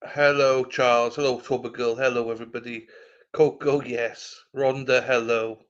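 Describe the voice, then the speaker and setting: A man's voice: mid-range voice, flat delivery, moderate pace. Chatty man on a muffled livestream. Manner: chatty, greets viewers by name, swears freely. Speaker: livestream host. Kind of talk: casual livestream chat. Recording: slightly muffled lo-fi audio.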